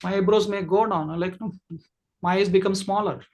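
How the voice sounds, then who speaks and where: A man's voice: sits high, steady tone, normal speed, a little mellow. A man who trains people in communication, giving an online masterclass lecture over a video call, explaining at length with many fillers and restarts.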